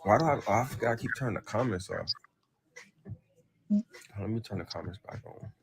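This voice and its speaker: On a livestream, a man reacts to family drama in a loose, rambling way, laughing a lot and swearing freely. His voice sits on the low side, brisk and creaky, with background noise. The recording has a dull, lo-fi quality.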